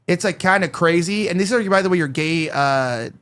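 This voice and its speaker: A man chats loosely as the host of a talk show. He rambles along in a somewhat high voice, filling his sentences with "like" and "uh". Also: moderate pace, a bit bright, clear, resonant tone. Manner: rambling, heavy filler words. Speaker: podcast host. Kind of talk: casual chat.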